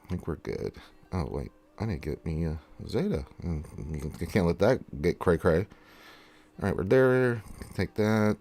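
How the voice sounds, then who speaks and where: A man's voice: deep voice, no room sound. A man hosting a casual gaming livestream, greeting viewers and reading chat aloud with lots of fillers. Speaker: livestream host.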